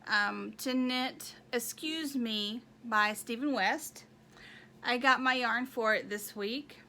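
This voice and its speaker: A chatty woman hosts a knitting show, rambling as she shows her projects and counts squares aloud. Her voice sits a little high, with a bright, forward tone. She takes her time, unhurried, over a faint background hum. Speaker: knitting podcast host. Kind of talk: casual show-and-tell chat.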